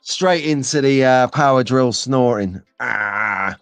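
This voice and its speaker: A man hosting a casual live stream, chatting excitably and reading out viewer comments, sometimes getting frantic and loud. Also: fairly high pitch, unhurried, clear, resonant tone, no echo, faint music behind. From England.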